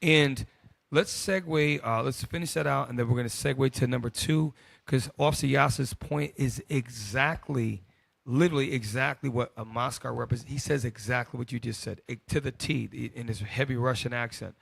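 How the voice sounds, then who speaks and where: A man's voice: medium pitch, moderate pace, vocal fry, no echo. A man hosting a group discussion, commenting bluntly and casually on news clips. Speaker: host.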